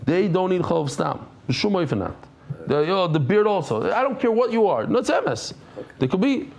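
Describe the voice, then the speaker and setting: A middle-aged man teaching a Talmud class, telling stories in a casual, animated way and sprinkling in Yiddish and Hebrew terms. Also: high voice, a little fast, creaky. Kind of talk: casual storytelling lesson.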